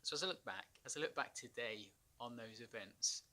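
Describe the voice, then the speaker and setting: A former marine turned anxiety consultant tells a personal story to camera in a halting, rambling way, with sighs and nervous laughs. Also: male voice, mid-range voice, sharp tone.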